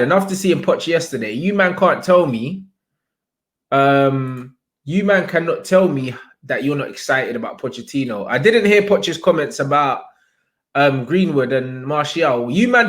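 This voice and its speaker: A young man hosting a casual livestream, chatting in heavy slang and shouting out viewers. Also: on the high side. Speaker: livestream host.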